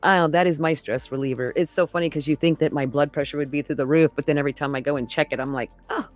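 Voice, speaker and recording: A woman's voice: low-pitched, steady tone, quick pace, a little mellow, soft background music. A middle-aged woman, a mother, talking openly and chattily in casual podcast conversation. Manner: candid, chatty storytelling.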